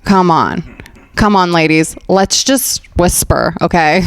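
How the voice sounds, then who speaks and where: A woman's voice: lowish voice, slow, smooth, no room sound. A young woman from Afghanistan hosting a comedic podcast at home, chatty and sarcastic, laughing often and filling her talk with "like". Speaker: podcast host.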